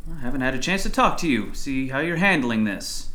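A man's voice: mid-range voice, lively intonation, fairly quick, bright, forceful tone. A middle-aged man playing a talkative, folksy small-town pastor in an audio drama, who keeps calling others son. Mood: concerned.

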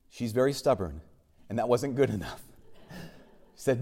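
A man, a Catholic priest, preaching a sermon with wry asides, swinging from urgent questioning to hushed emphasis. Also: mid-range voice, normal speed, long pauses.

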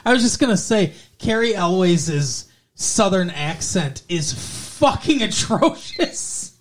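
A man's voice: sits high, very animated, slow. A man from the American South co-hosting a casual movie chat, opinionated and casually profane. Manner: chatty, opinionated, swears casually. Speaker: podcast co-host.

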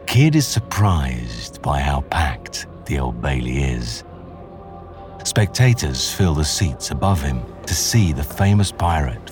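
A male podcast host narrates a history story in a scripted, dramatic way. His voice is extremely low and deep, and he paces each sentence with measured care. Soft music plays faintly underneath.

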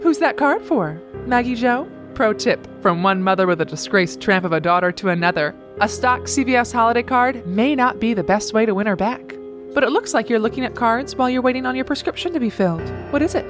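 A woman playing a proud, vengeful mother who speaks in crisp, sarcastic put-downs. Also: a little high, lively intonation, a little fast, music in the background, natural voice. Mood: cutting sarcastic. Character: proud cutting upper-class mother, icy and vengeful. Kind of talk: comedic audio drama acting.

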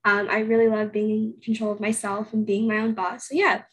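A woman's voice: mid-range voice, fairly even intonation, brisk, husky. An eighteen-year-old woman guest on a podcast, telling a casual story full of fillers and acting out her own past thoughts. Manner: chatty, filler-heavy storytelling with acted-out inner quotes. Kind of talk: casual interview conversation.

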